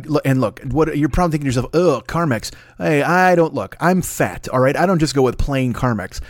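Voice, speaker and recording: A man hosting his own podcast in a rambling, profane, self-mocking comic monologue, often talking fast. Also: a little high, dry recording, clean studio sound. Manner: talks fast, then slows down. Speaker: podcast host.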